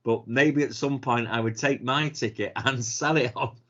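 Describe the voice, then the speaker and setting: A middle-aged man with a Manchester accent, chatting casually on a podcast, sweary and animated, laughing often. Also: mid-range voice, normal speed, muffled recording. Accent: Mancunian. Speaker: podcast co-host. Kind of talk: casual chat.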